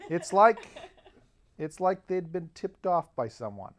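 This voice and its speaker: A man's voice: on the high side, lively intonation, measured pace, darkish tone. An American man telling a rambling comic story as a podcast host, chuckling often as he goes. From United States. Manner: rambling, chuckles often through his anecdotes.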